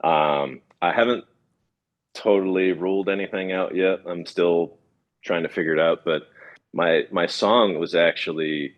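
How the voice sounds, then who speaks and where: A man in his thirties from California, a former pitcher telling stories in an easygoing interview, with many fillers and restarts. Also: unhurried, lo-fi sound. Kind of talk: relaxed storytelling interview.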